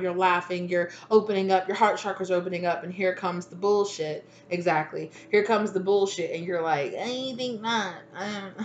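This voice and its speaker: A woman giving a casual spoken tarot reading, chatty and laughing, swearing freely as she talks to her viewers. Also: lowish voice. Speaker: tarot reader. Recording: roomy echo, faint noise.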